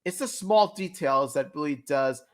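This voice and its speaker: A man's voice: fairly high pitch, lively intonation, a little slow. A man co-hosting a cartoon review stream, chatting casually and giving strong opinions with plenty of fillers.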